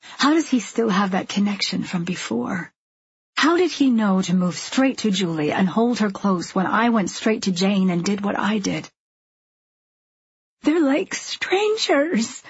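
A woman reading first-person fiction in an intimate, measured, confessional way. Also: mid-range voice, husky, dry recording, muffled recording. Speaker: audiobook narrator. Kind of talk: scripted first-person narration.

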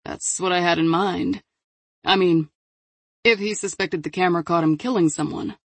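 A woman voicing a level-headed male FBI agent who reasons aloud in an earnest, measured way. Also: lowish voice, no room sound.

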